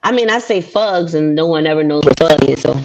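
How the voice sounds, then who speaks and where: A woman's voice: sits low, lively intonation, fairly quick, darkish tone, a little hiss or hum, poor audio. A woman from Baltimore, a guest poet, talking casually with lots of ums and restarts over a video call. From Baltimore, USA. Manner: hesitant, many fillers. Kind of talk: casual interview chat.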